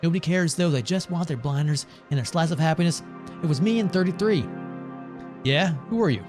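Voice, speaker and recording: A man's voice: a little high, lively intonation, fairly quick, darkish tone, faint music behind, natural voice. A man reading the lines of a bitter older former financier who rambles and swears about war and greed. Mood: bitter ranting. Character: bitter older man, former money-circles big shot, ranting.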